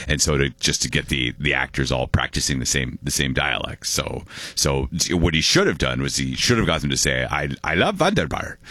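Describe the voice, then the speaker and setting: Guy on radio, deep voice, bouncy intonation, dry studio sound, jokey rambly chat. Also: sharp tone, no room sound. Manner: playful, laughing, trailing restarts. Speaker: radio show host. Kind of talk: casual on-air banter.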